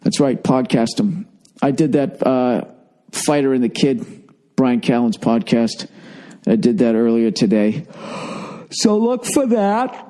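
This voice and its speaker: A man's voice: mid-range voice, measured pace. A man in his forties hosting a podcast, telling a rambling, profane comic story in a tired, lethargic way. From United States. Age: 40s. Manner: rambling, profane storytelling with lively acted-out quotes. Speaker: podcast host. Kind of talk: solo comedic monologue.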